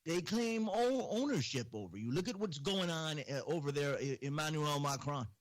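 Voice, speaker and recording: A man's voice: on the high side, lively intonation, normal speed. A man talking as a guest on a casual talk show, earnest and indignant, often repeating himself. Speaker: podcast guest. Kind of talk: casual chat.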